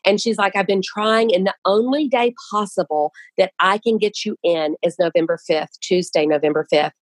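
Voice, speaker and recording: A woman author, appearing as a guest, tells the story of writing and releasing her book in a casual, earnest, animated way, restarting often. Her mid-range voice is at normal speed, with no room sound and a rough recording.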